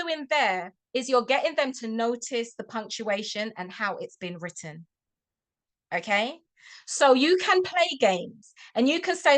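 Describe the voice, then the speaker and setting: A woman tutor speaks to a group of parents over a video call, with a fairly high voice. Her talk is chatty and encouraging, and she keeps checking in with a quick "okay?". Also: animated, a bit bright.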